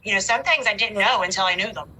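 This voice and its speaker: A woman in her forties, a podcast guest, talking casually and telling animated stories about motherhood. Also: medium pitch, quick pace, poor audio. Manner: animated storyteller, breaks into laughter. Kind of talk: casual conversation.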